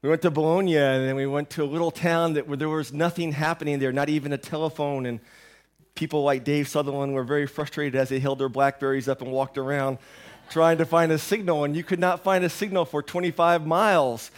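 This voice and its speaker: In church, a pastor in his thirties gives a meandering, self-deprecating sermon in a conversational style while ill with a sore throat and on medication. His voice sits fairly high, moves at a fairly quick clip, and keeps a fairly even intonation.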